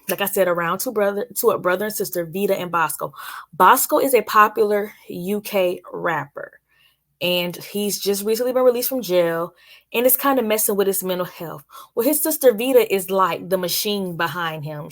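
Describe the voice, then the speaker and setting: A woman's voice: lowish voice, fairly bright tone. A young adult woman giving a casual, chatty spoken review of a TV series and talking straight to her viewers. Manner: chatty, addresses viewers directly.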